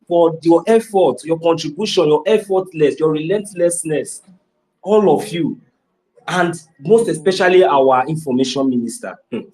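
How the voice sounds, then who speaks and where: A man's voice: high voice, darkish tone, low-quality recording. A man with a Nigerian accent chatting casually, teasing in Pidgin and thanking others, often repeating his phrases. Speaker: community member. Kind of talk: casual chat.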